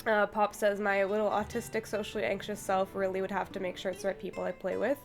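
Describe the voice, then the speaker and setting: A woman's voice: medium pitch, completely flat delivery, fast talker, vocal fry, faint music behind. A young woman streamer chatting casually with her brother, rambling and hesitant with many fillers, sounding feverish. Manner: rambling, hesitant, full of likes and ums, laughs often. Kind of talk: casual chat.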